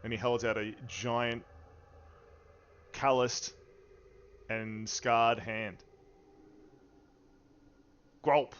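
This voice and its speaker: Slow, easygoing male game master. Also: mid-range voice, flat delivery, fairly bright tone, smooth. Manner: unhurried, easygoing, with frequent fillers and chuckles. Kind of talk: narrating a tabletop game. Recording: dull lo-fi stream audio.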